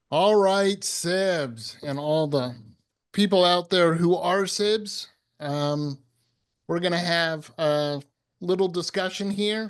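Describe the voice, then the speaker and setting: A man moderating an online panel on a video call, upbeat and relaxed as he asks questions. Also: sits high, smooth.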